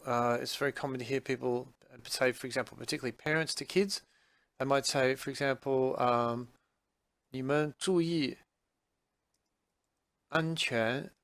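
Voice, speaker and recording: Guy teaching vocab slowly, lots of ums and uhs, mid pitch, dry close sound. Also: fairly bright tone, dry recording. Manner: unhurried, many fillers and restarts while explaining. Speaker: Chinese language teacher. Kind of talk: recorded vocabulary lesson.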